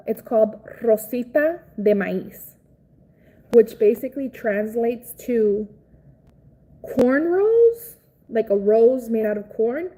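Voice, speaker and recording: A woman's voice: on the high side, dark tone, poor audio. A Cuban woman hosting a casual livestream, chatting with viewers in a blunt, profane, outspoken way. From Cuba. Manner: chatty, reads and answers viewer comments. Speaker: livestream host.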